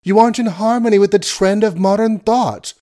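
A man voicing a composed young woman in an audiobook, speaking gently and patiently. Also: sits high, a little fast, pitched above the performer's own voice, natural voice. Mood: gentle.

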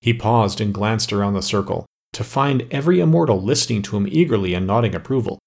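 Gravelly low-voiced male narrator. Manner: steady, measured storytelling. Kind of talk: audiobook reading of a fairy tale.

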